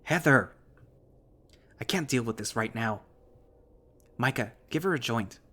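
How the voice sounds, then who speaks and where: A man voicing a stout, laid-back male fennec with a calm, lackadaisical tone, in a visual novel reading. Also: mid-range voice, normal speed. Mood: alarmed.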